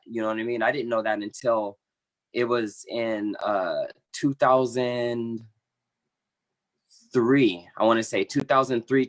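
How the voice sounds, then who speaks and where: A man in his thirties, a membership coordinator for an activist group, telling his personal story on an online panel in an earnest, impassioned way, with halting restarts. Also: lowish voice.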